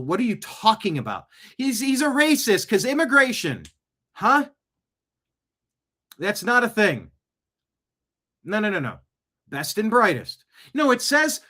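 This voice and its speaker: A man's voice: high-pitched, big pitch swings, unhurried, pauses often, bright, forceful tone. A man hosting an online talk show, ranting sarcastically as he reacts to news clips. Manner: talks back at what he watches. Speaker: host. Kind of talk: political commentary reacting to clips.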